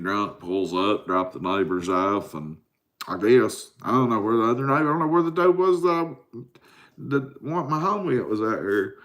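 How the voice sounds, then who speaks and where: Crashing from caffeine, this forty-something livestream host is tired and drowsy, cursing and rambling as he responds to viewers in a late-night stream. His voice is lowish and a bit bright.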